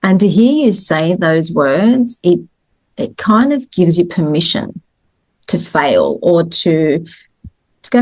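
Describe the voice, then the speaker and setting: A woman's voice: fairly low pitch, very animated, slow, darkish tone. A woman hosting an interview, affirming and effusive, murmuring agreement often. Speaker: interview host. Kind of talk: casual interview chat.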